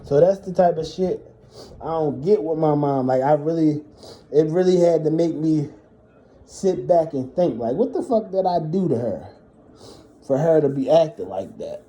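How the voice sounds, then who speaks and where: A man's voice: a little high, lively intonation, moderate pace, mellow. A man telling personal stories in a casual monologue, blunt and heavily profane as he vents. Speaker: storyteller.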